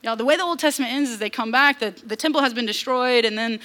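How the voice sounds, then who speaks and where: Young Southern woman preacher, high bright voice, lively sermon delivery with playful asides. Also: fast. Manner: animated, acts out quoted voices, casual asides.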